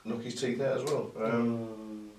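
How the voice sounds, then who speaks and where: A man's voice: medium pitch, fairly even intonation, a little slow, darkish tone. Self-mocking man rolling dice at a table. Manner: chatty, self-mocking, hesitant with many ums. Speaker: tabletop game player and host. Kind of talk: casual gameplay banter. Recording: roomy sound from a distant mic with some noise.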